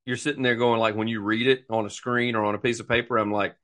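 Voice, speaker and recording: A man's voice: fairly low pitch, quick pace. A man co-hosting a casual podcast, telling stories and acting out quotes. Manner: animated storytelling, acts out quotes. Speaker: podcast co-host. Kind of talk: casual chat about golf.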